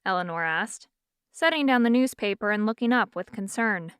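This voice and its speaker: A woman narrates a novel in steady, even storytelling. Her voice is smooth and clear at an ordinary pitch. The studio recording is completely dry. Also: normal speed, no echo. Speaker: audiobook narrator. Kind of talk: scripted narration.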